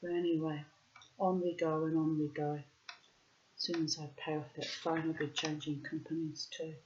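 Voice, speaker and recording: A woman's voice: low-pitched, level tone, moderate pace, darkish tone, slight background noise. A woman who tells stories in a casual, rambling way and talks bluntly, often swearing. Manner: blunt, profane, chatty. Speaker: reader and vlogger. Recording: dull lo-fi recording.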